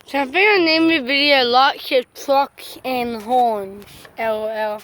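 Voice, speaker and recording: A young woman vlogging from a roadside, chatting excitedly and calling out to passing trucks. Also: high voice, unhurried. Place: roadside outdoors by traffic.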